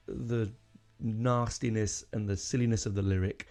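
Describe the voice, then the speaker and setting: A man's voice: on the low side, steady tone, moderate pace, darkish tone. A man hosting a casual music podcast, rambling and emotional, with lots of fillers and restarts. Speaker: podcast host.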